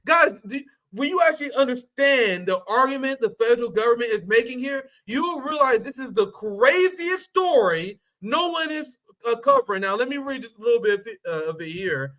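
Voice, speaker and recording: A man's voice: very high voice, animated, normal speed, hardly any pauses, pushed and bright. A man hosting a political livestream, talking in a blunt, profane and mocking way and laughing at his own jokes. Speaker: host. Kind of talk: casual political livestream commentary.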